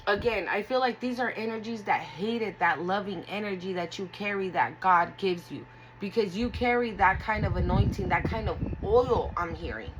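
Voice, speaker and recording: A woman's voice: medium pitch, normal speed, a little hiss or hum, rough recording. A woman giving a casual tarot reading, talking bluntly and emotionally with lots of swearing. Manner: blunt, profane, emotional and earnest. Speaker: tarot reader.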